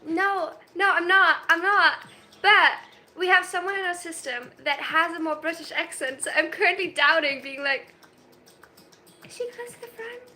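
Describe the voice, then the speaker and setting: A woman's voice: very high voice, fairly even intonation, bright, forceful tone. A woman in her twenties chatting on a casual livestream, flustered, often breaking off mid-sentence and laughing. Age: 20s. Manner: flustered, self-interrupting, quick to laugh.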